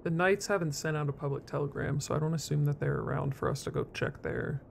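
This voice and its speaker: A man chatting in character during an online roleplay game, answering in a relaxed, easygoing way. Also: fairly high pitch, quick pace, gravelly. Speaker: roleplay gamer.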